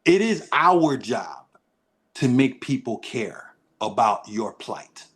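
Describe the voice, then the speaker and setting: A man in a podcast interview, telling stories in a lively way, acting out quoted dialogue and laughing often. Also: mid-range voice, takes it slowly. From Haitian-American. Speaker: actor guest. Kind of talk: animated storytelling in a podcast interview.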